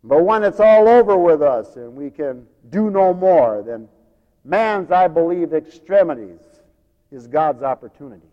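A man preaching a sermon with big dramatic swings, from loud proclaiming down to hushed storytelling. His voice sits high, and a long reverb trails each phrase as if in a large hall. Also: lively intonation, measured pace, muffled recording.

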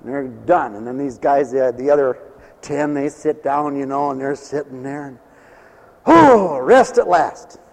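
A man preaching a sermon, telling Bible stories in an animated way and acting out the scenes. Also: medium pitch, a little slow, long reverb tail.

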